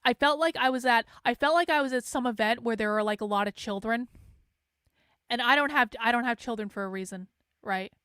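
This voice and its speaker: A woman hosting a casual monologue, blunt and exasperated, swearing freely and mocking others in flat mimicking asides. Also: fairly high pitch, brisk, smooth, dry recording, clean studio sound. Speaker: online commentator host.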